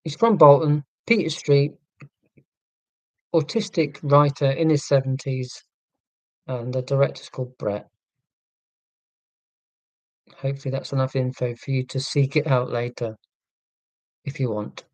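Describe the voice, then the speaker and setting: A man's voice: medium pitch, normal speed, pauses often, darkish tone, dry recording, poor audio. A man from southern England hosting a casual live stream, reading chat and musing in a tangential, self-deprecating way. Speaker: livestream host reading chat.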